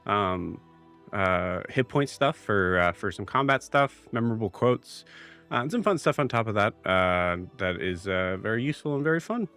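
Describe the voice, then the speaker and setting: A man's voice: fairly low pitch, big pitch swings, moderate pace, fairly bright tone, clear, resonant tone, faint music behind. A man hosting a live tabletop game stream, giving rambling announcements full of filler words before the session. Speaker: game master and show host.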